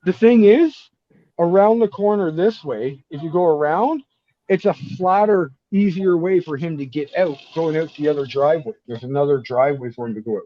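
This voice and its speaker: Casual male talker on a video call, animated storyteller, muffled lo-fi audio. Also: fairly high pitch, moderate pace.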